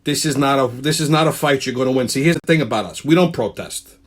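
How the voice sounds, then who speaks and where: A man's voice: medium pitch, fast talker. A man hosting his own channel, delivering a profane comedic rant in a brash tough-guy manner and repeatedly asking "okay?". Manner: heavy swearing. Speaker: channel host.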